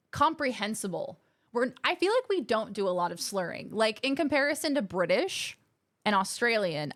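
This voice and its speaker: An American woman chatting playfully with viewers on a live stream, now and then slipping into mock accents. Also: mid-range voice. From United States. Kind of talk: casual live-stream chat.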